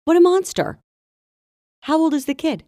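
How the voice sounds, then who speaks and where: A woman's voice: very high voice, normal speed, mellow, no echo, clean studio sound. A woman co-hosting a casual podcast, talking in a chatty, gossipy way. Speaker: podcast co-host. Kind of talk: casual chat.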